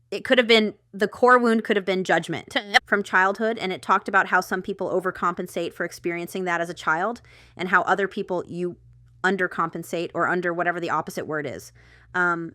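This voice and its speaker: A woman's voice: on the low side, pushed and bright, smooth, no echo, clean studio sound. A woman giving a casual tarot reading to camera, chatty and rambling, with asides and stifled laughter. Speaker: tarot reader.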